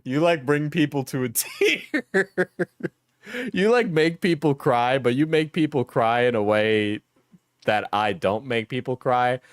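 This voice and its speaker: A man's voice: mid-range voice, lively intonation, a little slow, no echo. Laughing Australian man, dry sound. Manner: laughing, joking asides. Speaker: commentary streamer. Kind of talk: reaction commentary.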